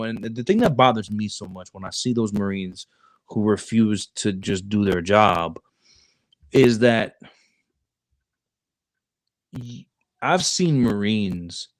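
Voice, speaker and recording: A man's voice: lowish voice, poor audio. A man who recruits for the Marines, chatting casually on a podcast and often restarting his sentences. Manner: animated, repeats words and restarts often. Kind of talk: casual chat.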